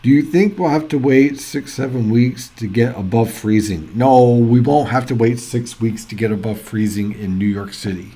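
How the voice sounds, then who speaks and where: Husky-voiced man hosting live weather coverage. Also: medium pitch, moderate pace, hardly any pauses. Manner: chatty, excitable, thinks aloud. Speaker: weather livestream host. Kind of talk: casual live weather commentary.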